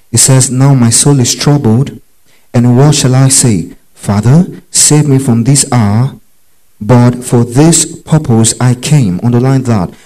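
A man delivers a Bible teaching in a sermon style, working methodically through passages. His voice is warm and mellow, never bright. He often stops to have listeners underline words and asks whether they follow. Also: medium pitch, low-quality recording. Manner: checks understanding with quick questions. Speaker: preacher.

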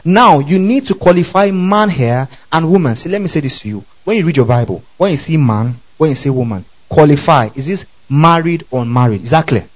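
Guy preaching, slightly high voice, keeps asking the church if they follow. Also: expressive, fairly quick, hardly any pauses, highs cut off. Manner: keeps checking the audience follows, repeating questions. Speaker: preacher teaching the Bible. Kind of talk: sermon.

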